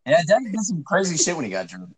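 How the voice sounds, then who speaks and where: A man's voice: fairly high pitch, fast talker, a crowd in the background. A young man, joking and swearing in casual chat with his older brother. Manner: lively, joking, profane.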